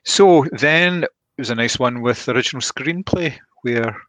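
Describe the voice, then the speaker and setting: A man co-hosting a casual film discussion, talking in a measured way and thinking aloud with small restarts. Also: mid-range voice, fairly bright tone, no echo. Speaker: film podcast co-host.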